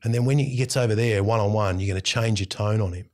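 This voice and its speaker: A middle-aged Australian man, a radio host, telling a family story in casual conversation, animated and intense, acting out bits of dialogue. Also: on the low side, fast. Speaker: radio host, interview guest.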